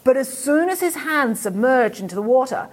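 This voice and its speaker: A woman's voice: high-pitched, lively intonation, normal speed. Woman playing a dry, wry storybook mum. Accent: Australian.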